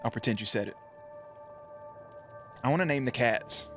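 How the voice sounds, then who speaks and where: A young man giving playful let's play commentary, excitable and baby-talking to the cats on screen. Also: mid-range voice, moderate pace, soft background music. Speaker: gaming YouTuber.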